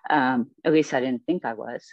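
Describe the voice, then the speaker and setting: A woman's voice: a bass voice, normal speed, no room sound. A woman guest speaking in an interview, telling her life story in a reflective, rambling way with many fillers. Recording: dull, dry sound.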